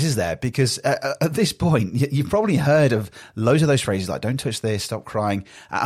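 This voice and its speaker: A man, hosting a podcast in a chatty, animated way. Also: fairly low pitch, slightly rough. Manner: chatty and animated, acts out little quoted exchanges. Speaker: podcast host. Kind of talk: casual solo podcast talk.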